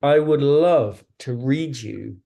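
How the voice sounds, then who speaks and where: A man reads a picture book aloud to children over a video call, with a gravelly texture in his voice. He is gentle and chatty and drops in playful asides. His pitch sits in a middle range. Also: slow. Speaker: author reading to children.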